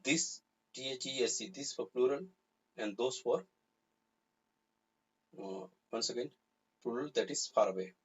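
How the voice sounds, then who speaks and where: A man teaches a live grammar class in a deeply husky, breathy voice. He explains patiently and repeats each example sentence. The recording sounds somewhat muffled and lo-fi. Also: unhurried, pauses often. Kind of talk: live online grammar lesson. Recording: slightly dull, lo-fi recording.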